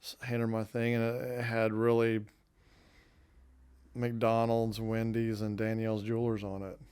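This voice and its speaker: A man in his fifties spins loose, folksy stories from his working life, correcting himself as he goes. His voice sits low and smooth, with a steady, fairly even tone. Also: normal speed. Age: 50s. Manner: folksy, rambling anecdotes with self-corrections. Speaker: guest recounting his restaurant career. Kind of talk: casual storytelling interview.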